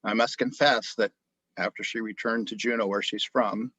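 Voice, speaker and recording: Husky-voiced physician telling a story. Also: male voice, lowish voice, moderate pace, no echo, highs cut off. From grew up in Japan. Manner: animated storyteller, frequent restarts. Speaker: osteopathic family physician. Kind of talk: storytelling interview.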